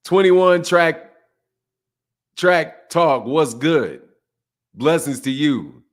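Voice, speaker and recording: A man's voice: a little high, expressive, drawn-out words. A man hosting a casual boxing livestream, greeting chatters by name, talking loose and slangy with plenty of laughter and cursing. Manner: loose, laughing banter, shouting out chat names; slangy, profane, mocking.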